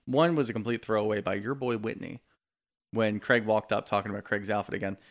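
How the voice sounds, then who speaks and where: Podcast co-host, male, mid-pitched with a gravelly edge, casual storyteller. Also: a little fast. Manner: relaxed storytelling, quotes people in lively bursts. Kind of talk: casual chat recapping reality TV.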